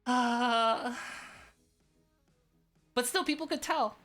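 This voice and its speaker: Chatty woman streamer, high voice. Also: extremely slow, a bit bright, soft background music. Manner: rambling, filler-heavy, restarts often. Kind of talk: casual live-stream chat.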